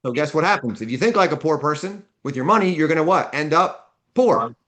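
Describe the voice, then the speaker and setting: Guy teaching a seminar, kinda high voice, blunt, quizzes the class. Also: expressive, fast, fairly bright tone. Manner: blunt, asks the class questions and answers them. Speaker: seminar instructor. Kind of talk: live seminar lecture. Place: classroom with a live audience.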